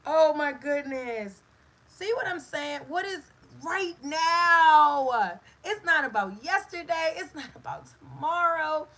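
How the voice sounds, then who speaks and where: Woman host, high bright voice, slow and emphatic spiritual talk that sinks to a hush on key words. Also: animated, poor audio. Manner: emphatic, repetitive, drops to a hush for stress; emotional, speaks to a live listener. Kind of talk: inspirational spoken talk.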